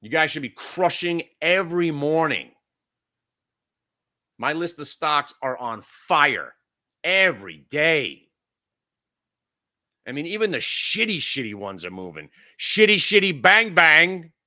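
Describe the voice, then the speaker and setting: A man's voice: a little high, very animated, measured pace, long pauses, pushed and bright. Frantic swearing male trading host. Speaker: stock trading room host. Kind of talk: live market commentary.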